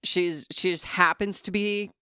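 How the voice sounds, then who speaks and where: A woman's voice: fairly low pitch, steady tone, unhurried, pushed and bright, clean tone, no room sound, clean studio sound. A woman in her thirties co-hosting a podcast, chatting casually and joking with frequent laughter. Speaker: podcast co-host. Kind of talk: casual chat. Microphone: podcast mic.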